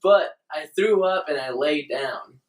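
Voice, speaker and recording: A man's voice: on the high side, unhurried. A young man hosting a podcast, telling an embarrassing story in casual, profane chat with frequent laughs. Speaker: podcast host. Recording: roomy, distant mic.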